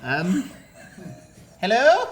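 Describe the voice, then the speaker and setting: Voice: mid-range voice, wildly swooping pitch, very slow, soft background music. A player in a tabletop game, talking in a dreamy, spacey way. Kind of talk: tabletop role-play.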